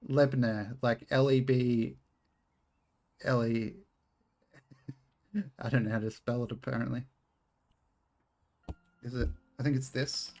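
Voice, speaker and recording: Gravelly Australian man chatting on stream. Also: medium pitch, little pitch movement, normal speed, pauses often, a little mellow. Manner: rambling, swears freely, jokes at himself. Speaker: game streamer. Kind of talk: casual live-stream chat while playing.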